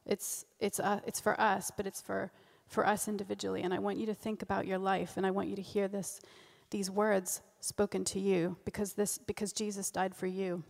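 A woman's voice: mid-range voice, creaky, a little mellow. Earnest woman preaching in a reverberant hall. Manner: earnest, repeats and restarts phrases. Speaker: speaker at a church service. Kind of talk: informal sermon. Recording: long reverb of a church hall.

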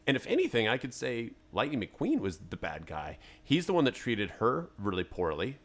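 Guy cohosting a movie podcast in a studio, opinionated, mid pitch, kinda rambles his point out. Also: wildly swooping pitch, normal speed, a bit bright. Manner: opinionated, thinking aloud. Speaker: podcast co-host. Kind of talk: casual movie review chat.

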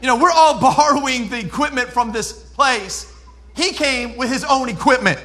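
A man in his thirties preaching a sermon as pastor, animated, swinging from loud preaching to hushed storytelling. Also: very high voice, moderate pace.

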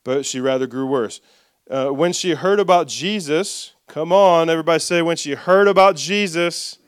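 A male pastor preaching with call-and-response, reading scripture aloud and dropping soft for asides. His voice sits fairly high and smooth, and the sound is dry and close. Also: normal speed, no room sound. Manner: lively, drops soft for asides. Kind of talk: sermon.

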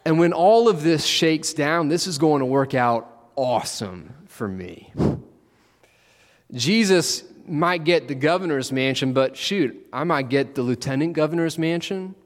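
Man, sermon, easygoing and conversational, unhurried, long hall reverb. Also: on the high side. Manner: conversational, acts out the disciples with playful asides. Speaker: preacher.

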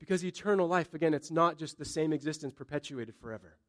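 Guy pastor giving a sermon in church, slightly higher voice, tells stories and hammers phrases over and over. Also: quick pace. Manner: storytelling with emphatic repeated phrases.

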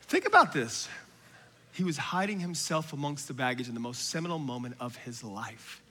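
A man preaching a sermon, moving from hushed, whispered asides to loud, shouted exhortation, with casual slang and laughter. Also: mid-range voice, big pitch swings, moderate pace, husky. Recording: long hall reverb from a large room.

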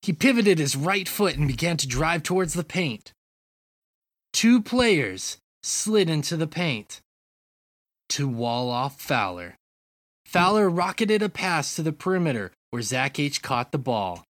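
Podcast co-host, slow pace, lively pitch, teasing, dry close mic. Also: no echo. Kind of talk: casual chat and reading a comedy skit.

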